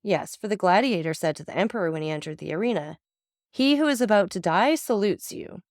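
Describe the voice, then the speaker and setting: A woman's voice: medium pitch, expressive, fairly quick, no echo, clean studio sound, lightly acted. A woman voicing a grieving, despairing young man in an audiobook reading, speaking in a pleading, bitter way.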